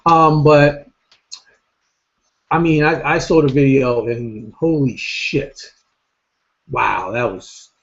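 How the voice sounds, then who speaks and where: A man hosting a casual vlog, ranting bluntly and rambling with lots of swearing, a bit tired. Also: mid-range voice. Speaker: host. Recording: dull lo-fi recording.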